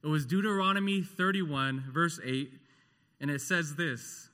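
Slow, earnest preacher man in echoey hall. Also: on the high side. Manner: impassioned, swinging from loud rhetorical questions to hushed tenderness. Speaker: pastor. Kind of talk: sermon.

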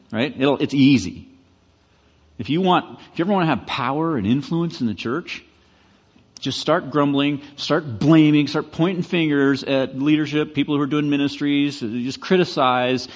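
Lively preaching man in a hall. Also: mid-range voice, dull audio. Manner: conversational, animated preaching with rising emphasis. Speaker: pastor. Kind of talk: sermon.

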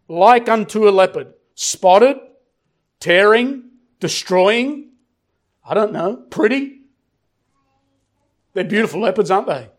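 High-voiced preacher, emphatic and repetitive. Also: male voice. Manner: emphatic, repeats phrases, slows down for scripture. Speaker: pastor. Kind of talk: sermon.

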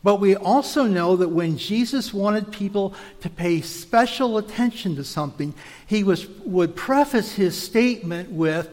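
A man preaching a teaching sermon, measured and explanatory, now and then restarting a word. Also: sits high, lively intonation, a little mellow, long reverb tail.

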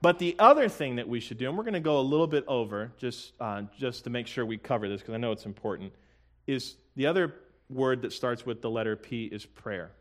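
A man preaching a sermon in an earnest, conversational way, with joking asides and slowly sung hymn lines. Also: medium pitch, a bit bright. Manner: sings hymn lyrics slowly. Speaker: pastor.

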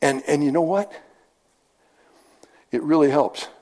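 A man's voice: a little high, unhurried, darkish tone. Folksy conversational male preacher. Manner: conversational, folksy storytelling with repetition. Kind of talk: sermon.

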